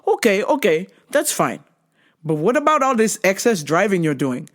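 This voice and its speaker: Woman mimicking her stern old dad, lectures and repeats himself, pitch all over the place. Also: big pitch swings, normal speed. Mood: lecturing. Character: nagging elderly father, stern and preachy.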